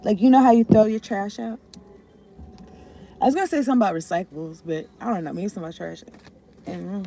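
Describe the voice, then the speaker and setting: A woman's voice: medium pitch, fast, gravelly, warm tone, slight background noise. A woman giving a loose, rambling tarot reading, swearing and often trailing off. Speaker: tarot reader.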